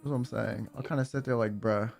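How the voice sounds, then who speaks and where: A man's voice: mid-range voice, fairly even intonation, quick pace, gravelly, darkish tone, faint music behind. A man streaming and chatting casually, rambling with lots of fillers and swearing. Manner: rambling, profane, trails off with fillers. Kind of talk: casual livestream chat.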